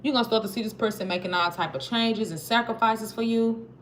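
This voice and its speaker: Southern woman, tarot reader, chatty and slangy, fairly high voice, noisy clicky recording. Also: a little fast. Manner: chatty, slangy, talks straight to viewers. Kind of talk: casual tarot reading for viewers.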